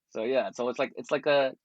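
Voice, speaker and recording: Slangy laid-back comedian, dry mic. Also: male voice, mid-range voice, dry recording, lo-fi sound. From Canada. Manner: laid-back slangy storytelling, laughs often. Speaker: comedian guest. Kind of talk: casual podcast chat.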